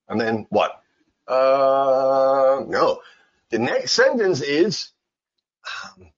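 A man's voice: mid-range voice, lively intonation, very slow, pauses often. A man teaching an English lesson in a casual, playful way, acting out little dialogues with exaggerated voices. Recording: slightly dull, lo-fi sound.

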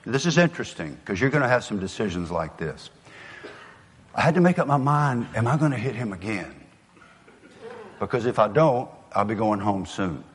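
A man's voice: lowish voice, sing-song, normal speed, husky. Older Southern man telling stories in a hall. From American South. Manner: storytelling, folksy, drops to a near whisper for emphasis. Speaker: motivational speaker. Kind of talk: motivational speech to an audience.

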